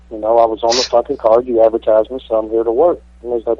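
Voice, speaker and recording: A brash, swaggering man tells rough stories with steady, flat delivery and plenty of cursing. His voice comes through a thin, tinny phone line with no room sound around it. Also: medium pitch, racing, hardly any pauses, dry recording. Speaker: pro wrestler guest. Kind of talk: profane interview storytelling.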